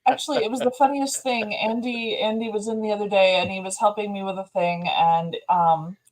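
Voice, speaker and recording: A woman's voice: mid-range voice, fairly even intonation, a little fast, rough recording. A woman who works at a brewery, chatting casually on a live stream and telling a story in a gushing, talkative way. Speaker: brewery staff member.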